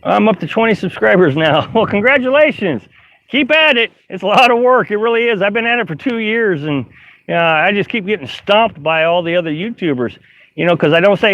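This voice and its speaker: Chatting casually with viewers from his camper, a middle-aged RV vlogger with a high voice reads their comments on his live stream. His intonation is lively, his pace brisk and tone a bit bright, and he rambles, laughs a lot, and restarts often amid many fillers. The dull, lo-fi stream audio is dry.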